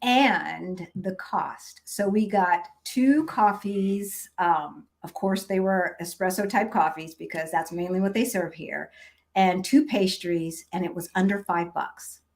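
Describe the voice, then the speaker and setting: A middle-aged woman hosts a relaxed live stream and talks to her viewers in an easy, chatty way. She laughs often, greets people by name and tells stories at a conversational pace. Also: fairly low pitch, slow pace. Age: 50s. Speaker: vlogger reading live chat. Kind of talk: casual live-stream chat.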